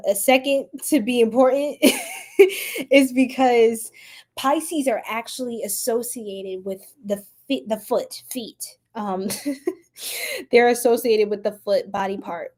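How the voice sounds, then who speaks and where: Playful laughing woman on a live stream. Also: fairly high pitch. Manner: playful, laughs often, chats with the chat, exclaims loudly. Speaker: tarot reader streaming live. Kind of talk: casual live-stream chat with viewers.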